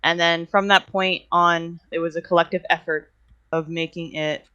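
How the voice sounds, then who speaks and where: A woman's voice: fairly low pitch, flat delivery, moderate pace, bright, forceful tone, clean tone, no echo, highs cut off. Young woman on a video call, giggly and kinda rambly, lots of ums, dry close sound. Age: young adult. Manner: giggly, rambling, self-deprecating. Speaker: animation student and director. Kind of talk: casual video-call interview.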